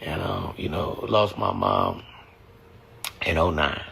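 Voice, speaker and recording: A man's voice: low voice, big pitch swings, slow pace, vocal fry, bright, forceful tone, a little hiss or hum. A man talking casually and emotionally about his family and faith, blunt and full of cussing. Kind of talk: casual reflective talk.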